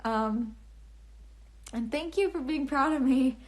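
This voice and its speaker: A woman's voice: high-pitched, takes it slowly. A young woman casually chatting on a phone livestream, answering comments in a bubbly, rambling way with lots of restarts and laughs. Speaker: livestream host and author. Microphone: phone camera.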